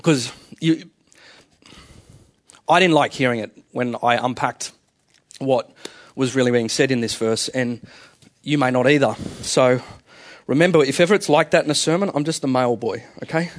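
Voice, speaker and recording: A man's voice: mid-range voice, moderate pace, long pauses. A man preaching a sermon in church, talking conversationally and asking the congregation questions. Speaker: pastor.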